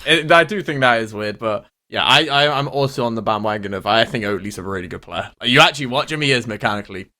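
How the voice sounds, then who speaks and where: A man's voice: mid-range voice, lively intonation, fast talker, few pauses, bright, forceful tone. A man co-hosting a gaming podcast, telling stories with frequent restarts and laughter. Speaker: podcast co-host. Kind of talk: casual chat.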